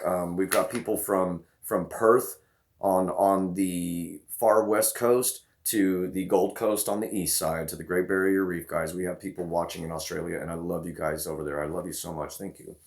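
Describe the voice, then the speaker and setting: A young man hosting his own video channel, giving excited shout-outs to viewers with many restarts and repeated "guys". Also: low-pitched, moderate pace, a little hiss or hum. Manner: enthusiastic, repeats "guys" and "baby", stammers restarts. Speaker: vlogger host.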